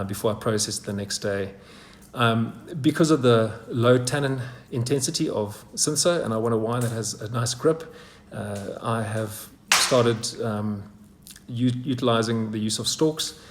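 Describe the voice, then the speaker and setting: A man who makes wine, talking through his craft in a relaxed, unscripted way, filling pauses with lots of ums and uhs. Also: fairly low pitch, slight background noise. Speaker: winemaker. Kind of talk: unscripted product presentation.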